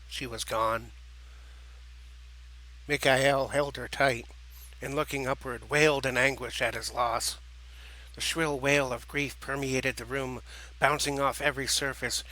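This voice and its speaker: A man narrating an audiobook in a measured, dramatic reading style. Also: mid-range voice, sharp tone, low-quality recording.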